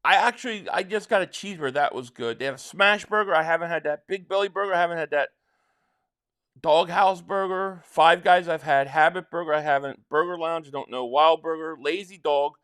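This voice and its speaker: Chatty, rambling man with a high voice. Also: fairly bright tone, smooth. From South Jersey, near Philadelphia. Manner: rambling and chatty, with frequent restarts. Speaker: live stream host. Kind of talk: casual live stream chat answering viewer comments.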